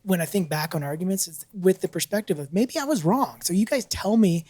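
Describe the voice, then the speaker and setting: With a high-pitched voice and a quick pace, this male podcast co-host tells a story casually, and the recording has no echo. He's lively, laughing a lot and acting out other people's lines as he goes.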